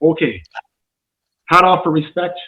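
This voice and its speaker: A man's voice: a little high, a little slow, narrow, tinny audio, very noisy. A Canadian man who makes hot sauce, joking bluntly in a casual chat.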